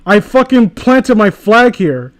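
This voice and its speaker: A man's voice: high-pitched, sing-song, takes it slowly. A man hosting a comedic reading, casual and crude, with sarcastic, mocking asides. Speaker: host reading fan fiction aloud.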